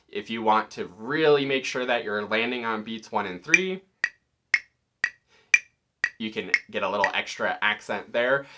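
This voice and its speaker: A man teaching music in a relaxed, explanatory tutorial, walking through settings step by step. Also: on the low side. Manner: relaxed, explanatory, occasionally counting beats aloud.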